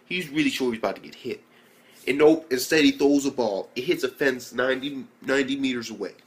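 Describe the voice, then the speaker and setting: A man's voice: medium pitch, a little fast. A young man talks through an anime episode in a loose, rambling way. He swears freely and strings thoughts together with fillers. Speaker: anime reviewer. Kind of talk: casual video review.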